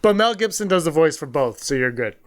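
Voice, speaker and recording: Lively animated man podcasting. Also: on the high side. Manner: animated, laughing, does quick movie-voice impressions. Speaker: podcast co-host. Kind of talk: casual chat.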